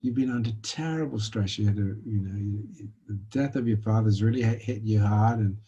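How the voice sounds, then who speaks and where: A man voicing his own compassionate self, softly reassuring and calming himself. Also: fairly low pitch, breathy edge, highs cut off. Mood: soothing. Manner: soft, reassuring, slow. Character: gentle soothing compassionate self, male.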